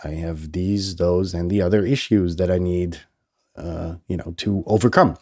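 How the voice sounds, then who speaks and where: A man's voice: low voice, fairly even intonation, moderate pace, dark tone, no room sound, clean studio sound. A man hosting a solo podcast in a rambling, profane, self-amused way, still a bit nasal from a cold. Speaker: podcast host. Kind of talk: casual solo podcast monologue. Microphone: headphones and studio mic.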